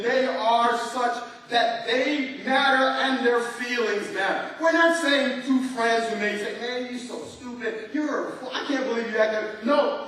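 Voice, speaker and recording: A man preaching a sermon as pastor, animated and leading his congregation in call-and-response. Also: very high-pitched. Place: large church hall. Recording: echoey church hall from far off.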